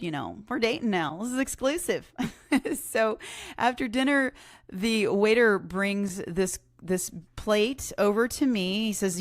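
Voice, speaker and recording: A woman hosting a podcast, telling a personal story in a chatty, animated way, often laughing and acting out what people said. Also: lowish voice, no room sound, studio quality. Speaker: podcast host. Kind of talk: casual storytelling.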